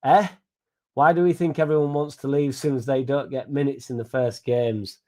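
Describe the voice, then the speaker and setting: A man's voice: medium pitch, steady tone, moderate pace, warm tone. A young man hosting a casual live stream, reading out comments, swearing freely and stumbling over names.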